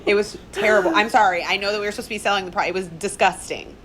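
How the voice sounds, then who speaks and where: A woman guest on a podcast, chatting casually and telling animated stories with quick laughs and acted-out quotes. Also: medium pitch, a crowd in the background, low-quality recording. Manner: animated storyteller, laughs often, acts out quotes. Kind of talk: casual chat.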